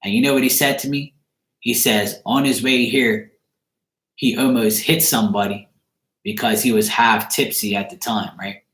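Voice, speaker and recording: A man's voice: mid-range voice, steady tone, normal speed, a bit bright. A man, a psychic card reader, casually telling a story in his apartment in a loose, profane, rambling way. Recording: echoey room.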